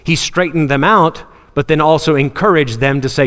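A man preaching a sermon, animated, acting out Bible scenes in different voices and laughing often. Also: a little high, normal speed, hardly any pauses. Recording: long hall reverb.

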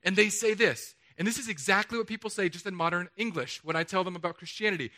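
A pastor in his thirties delivers a sermon from a church stage, his voice high and pushed hard with a bright, tense edge. He is animated and playful, slipping into voices for the quotes and cracking jokes with the crowd. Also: fast. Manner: animated, jokey, acts out the quotes he reads. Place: church stage under hot lights.

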